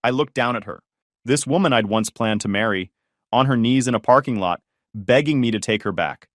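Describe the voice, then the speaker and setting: A man narrating a first-person story in a flat, cold, detached way. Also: mid-range voice, brisk, dry recording, studio quality.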